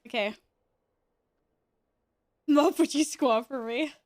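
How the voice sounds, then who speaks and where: A woman streams a game and chats with her audience in a loose, teasing way, laughing often. Her voice sits high. The sound is dry and close, with no room around it. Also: slow, a little mellow, no echo. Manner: chatty, greets viewers and jokes with them. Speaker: live streamer. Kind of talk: casual live-stream chat while gaming.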